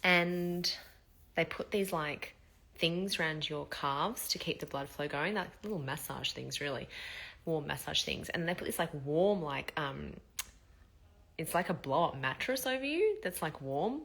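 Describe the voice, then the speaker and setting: Bright-voiced woman telling her story. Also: low-pitched, lively intonation, unhurried, gravelly. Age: 30s. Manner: candid, emotional storytelling with swearing and fillers. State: short of breath, recovering after surgery. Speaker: vlogger. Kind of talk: casual personal vlog.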